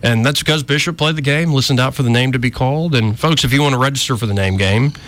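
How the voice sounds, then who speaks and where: A male talk radio host speaks from a studio, wry and animated as he rants and runs contest promos. His pitch sits in the middle range. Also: fast.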